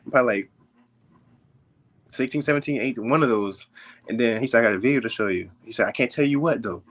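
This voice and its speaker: A man's voice: mid-range voice, fast, a bit bright. Laid-back young man, slangy podcast talk. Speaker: podcast guest, fighter. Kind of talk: casual podcast chat.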